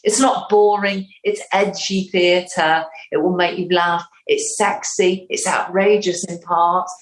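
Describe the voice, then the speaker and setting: A woman in her fifties with a Northern English accent speaks in a lowish voice. She talks at length in an interview, animated and quick to act out bits of dialogue. The recording has a noticeable roomy echo. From North West England. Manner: animated, acts out quotes. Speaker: playwright and actor.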